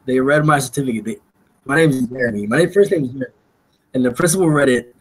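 A man's voice: mid-range voice, racing, slightly rough, poor audio. A young man chatting casually in a laid-back, mumbling way that often trails off. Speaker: participant in casual recorded chat. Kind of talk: casual chat.

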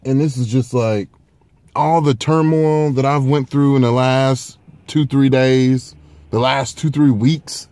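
A sleep-deprived man hosting a casual food review vlog from a parked car, talking into his phone, excitable and profane as he gushes over food. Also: mid-range voice, slow pace, no echo. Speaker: food-review vlogger, show host.

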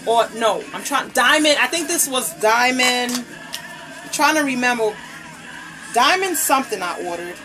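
A woman's voice: a little high, expressive, moderate pace, low-quality recording. A woman hosting a casual live unboxing stream as a nail polish brand ambassador, gushing over each item and greeting her viewers by name. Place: indoors at home, table set up. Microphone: tablet camera microphone.

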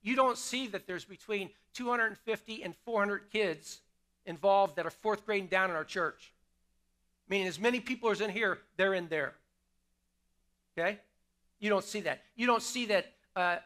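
A man's voice: sits high, normal speed, bright, forceful tone. A middle-aged man preaching to his congregation as pastor, talking with them in a conversational way, asking questions and repeating key lines for emphasis. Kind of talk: sermon. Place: church sanctuary.

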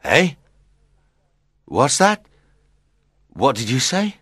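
A woman's voice: huge pitch swings, moderate pace, gravelly, a bit bright, no room sound, clean studio sound, exaggerated voice. A woman voicing a sleepy, doting old drunkard lord who mumbles his words. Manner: mumbling sleepily, dropping very low.

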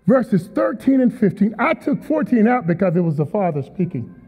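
High-pitched man preaching in a hall. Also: sing-song, normal speed, dark tone, breathy edge. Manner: emphatic preaching with call-and-response. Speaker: guest preacher. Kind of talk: sermon. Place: large church auditorium. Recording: tinny sound in a long-reverb hall.

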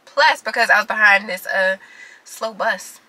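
A woman and mom of three vlogging casually to her viewers, chatty and animated, laughing often, filming on a phone from her car and out shopping. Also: medium pitch, unhurried, low-quality recording. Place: in a car, later inside a large store. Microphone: phone on a car mount.

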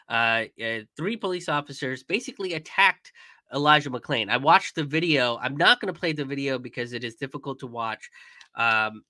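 A man's voice: mid-range voice, sharp tone, dry recording. A young man commenting in a casual stream, angry and profane, with many fillers and restarts.

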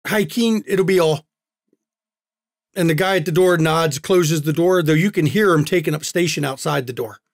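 Male game master, casual narrator, slightly high voice, dry sound. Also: fairly quick, hardly any pauses, no room sound. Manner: casual, descriptive, with restarts.

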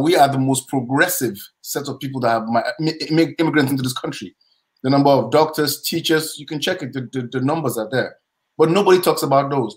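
A man's voice: medium pitch, poor audio. Emphatic Nigerian man, proud tone. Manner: emphatic, proud, tells stories acting out both sides. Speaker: panel guest. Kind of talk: live panel discussion.

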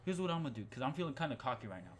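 A young man hosting his channel, giving jokey, profane commentary while playing a horror game, muttering one moment and yelling in panic the next. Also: mid-range voice, sing-song, rapid-fire, a little hiss or hum. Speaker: gaming channel host.

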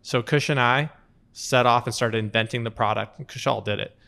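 A man in his thirties, an interview guest, telling lively anecdotes in conversation and acting out quotes along the way. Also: medium pitch, normal speed, vocal fry. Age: 30s. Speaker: company co-founder, interview guest. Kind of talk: conversational storytelling.

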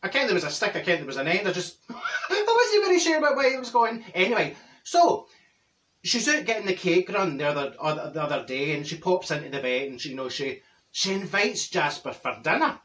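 Guy putting on brash glasgow auntie, glaswegian accent, high and bright, chatty scots gossip. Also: very animated, a little fast, distant mic, exaggerated voice. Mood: gossipy. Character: brash older Glaswegian woman, gossipy and cheeky. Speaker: comedy character host. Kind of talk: comic character monologue.

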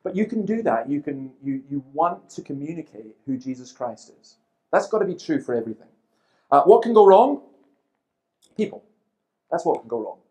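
A man in his fifties giving a seminar talk, telling lively stories with dry humour and acting out the people he quotes. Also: a little high, moderate pace, low-quality recording. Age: 50s. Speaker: seminar speaker.

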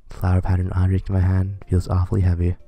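A man reading a visual novel aloud, narrating in a dry, deadpan way. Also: low voice, fast, vocal fry, soft background music.

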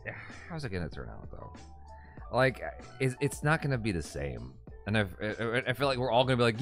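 Animated goofy man with a lively voice. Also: medium pitch, a little fast, soft background music. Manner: animated and goofy, laughs often. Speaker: co-host of a movie review live stream. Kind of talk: casual chat.

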